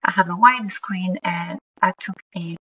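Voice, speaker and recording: A woman's voice: lowish voice, normal speed, distant mic, highs cut off, very noisy. A young woman giving a cheerful, easygoing commentary as a travel vlogger. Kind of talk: casual vlog voice-over. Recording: faint background music.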